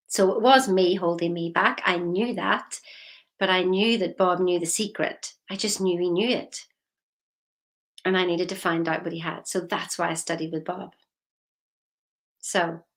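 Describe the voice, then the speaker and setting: A woman coaching her audience in a motivational talk. Her voice sits fairly low. She is emphatic and keeps firing questions at the listener. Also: a bit bright.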